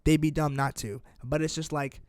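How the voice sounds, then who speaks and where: A young man co-hosting a sports podcast, talking in rapid, animated bursts and often trailing off mid-sentence. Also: on the high side, no echo. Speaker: podcast co-host. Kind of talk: casual sports chat.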